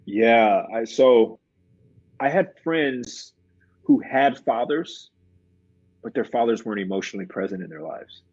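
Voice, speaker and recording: A man's voice: mid-range voice, unhurried, pauses often, darkish tone, no room sound, dull audio. A middle-aged man, a guest on an interview show, speaking earnestly and reflectively and repeating phrases for emphasis. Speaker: guest, former pro basketball player and mindset coach. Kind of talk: conversational interview storytelling.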